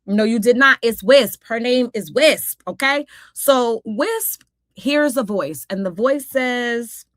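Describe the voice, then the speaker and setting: A woman's voice: on the high side, slow pace, no room sound, studio quality. A woman hosting a casual cartoon recap vlog, talking in a sassy, exclamatory way full of playful asides. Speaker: host.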